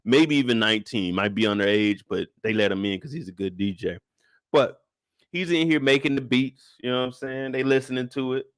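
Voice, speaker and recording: A young man hosting a casual live recap show, joking and profane, ranting with sudden high-pitched bursts of outrage. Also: a little fast, dry recording, clean studio sound. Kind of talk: animated casual recap chat.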